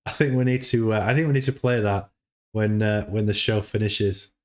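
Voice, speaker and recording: A man's voice: lowish voice, fairly even intonation, moderate pace. A man hosting a casual livestream, rambling and repeating words as he chats. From United Kingdom. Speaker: livestream host.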